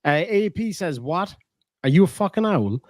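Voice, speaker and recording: A man hosts a livestream in easy, profane chat, reading out donations and spinning jokey stories. His voice sits a bit high for a man and sounds dry and close to the mic. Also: expressive, moderate pace, no echo. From Ireland. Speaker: livestream host.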